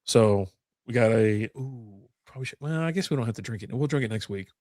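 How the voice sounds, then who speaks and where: A man's voice: medium pitch, expressive, brisk, darkish tone, no room sound, clean studio sound. A man with a drawl, co-hosting a podcast, rambling through stories over beers and swearing freely. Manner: rambling storyteller, swears a lot. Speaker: podcast co-host. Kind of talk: casual chat over beers.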